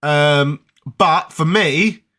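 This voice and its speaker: A man's voice: a little high, extremely slow, bright, forceful tone. A man hosting a gaming channel, chatting casually and rambling as he answers viewer comments. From United Kingdom. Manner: chatty, rambling, with many fillers.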